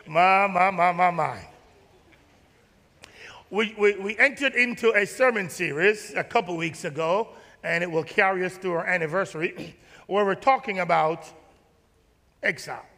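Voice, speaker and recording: A man from Jamaica preaching a sermon to his congregation in a church sanctuary, animated and folksy, repeating words and calling on the crowd to answer. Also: high-pitched, normal speed. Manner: casual, folksy phrasing. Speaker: pastor. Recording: long reverb of a large hall.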